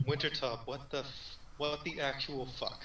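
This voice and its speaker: A man's voice: mid-range voice, steady tone, normal speed, bright, forceful tone, reverberant, low-quality recording. A man playing a tabletop game, dry and exasperated with the others. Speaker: player. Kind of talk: tabletop game play, in and out of character.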